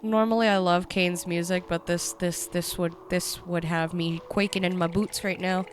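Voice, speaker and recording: A sick young woman with the sniffles giving casual reaction commentary, jumpy and excitable, swearing, yelping and whispering when scared. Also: on the low side, moderate pace, slight background noise. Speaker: YouTuber reacting to a horror series.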